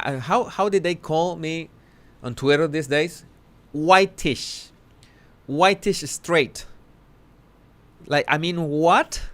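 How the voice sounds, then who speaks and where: A man hosting a casual live commentary, talking haltingly with many restarts and self-corrections. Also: on the high side, fairly bright tone. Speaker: social commentary host.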